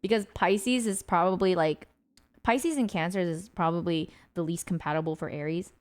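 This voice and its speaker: A woman streamer casually telling a story to her chat, animated and laughing often, acting out the lines of the people in it. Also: lowish voice, normal speed. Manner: animated, acts out quoted lines, frequent laughter. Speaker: rideshare driver.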